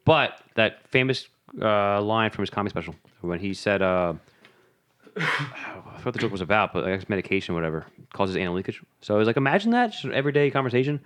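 A man co-hosting a casual podcast chat, talking in an animated way and jumping into high silly voices when he quotes people. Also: a little fast. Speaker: podcast co-host.

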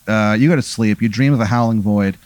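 A man hosting and improvising a comic hypothetical, rambling with many fillers and a deadpan delivery. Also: on the low side, a little fast, dry recording. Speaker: host posing a hypothetical. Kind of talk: improvised comedic storytelling.

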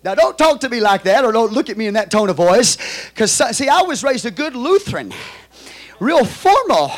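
This pastor's Texan-accented voice is very high with big pitch swings, delivered at a normal speed. His sermon starts in quiet storytelling and builds to loud, shouted exhortation.

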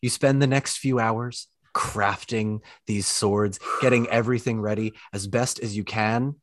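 A man narrating a tabletop game as its game master, with lively descriptive storytelling. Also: on the low side, dry recording. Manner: descriptive, quick asides.

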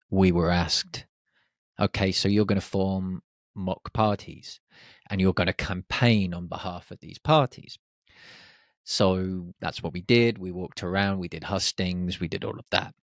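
A man in his forties from the UK, a podcast host telling a reflective personal story and acting out his nervous inner voice in hushed tones. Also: low-pitched, vocal fry, no echo, clean studio sound. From United Kingdom.

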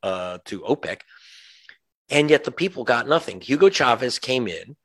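A man's voice: medium pitch, expressive, normal speed, fairly bright tone, breathy edge. A male journalist, a guest in an interview, giving passionate political commentary, sarcastic, with frequent restarts. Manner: impassioned, sarcastic, many restarts.

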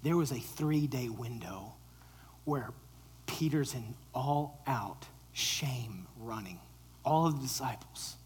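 Animated male pastor with a breathy voice. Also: mid-range voice, slow, low-quality recording. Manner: animated preaching, dropping to a whisper for quoted lines; jokes with the audience. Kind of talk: sermon.

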